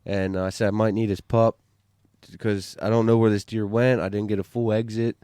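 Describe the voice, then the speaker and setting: A man recounts a hunting story on a podcast, his speech excited and rambling, full of restarts and casual swearing. His voice sits low and comes through smooth and resonant. The close mic sounds dry, with no room around it. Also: brisk, no room sound. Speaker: podcast guest, bowhunter.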